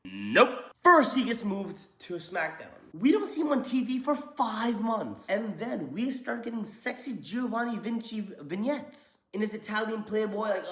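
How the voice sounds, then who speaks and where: Host, young man, high lively voice, jokey slangy wrestling takes, roomy echo. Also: measured pace. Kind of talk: casual opinion commentary.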